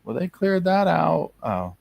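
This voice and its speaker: Over a courtroom livestream, a man delivers chatty, sarcastic commentary, voicing what people in the room might be thinking as asides. His fairly high voice swings widely in pitch, moves at an unhurried pace with vocal fry and a slightly mellow quality, and carries no echo.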